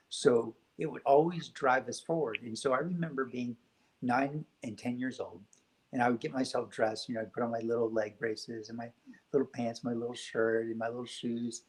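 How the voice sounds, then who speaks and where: A man talks in a soft, gentle way, taking his time over each thought. He sounds reflective and sincere, a guest in a quiet spiritual conversation, with a voice of ordinary male pitch. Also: steady tone, moderate pace, low-quality recording. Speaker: podcast guest.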